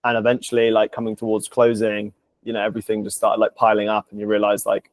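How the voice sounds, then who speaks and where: A man's voice: fairly low pitch, monotone, quick pace, no room sound. A man hosting a casual interview, laid-back and peppering his speech with "like" and "mate". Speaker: podcast host, business coach.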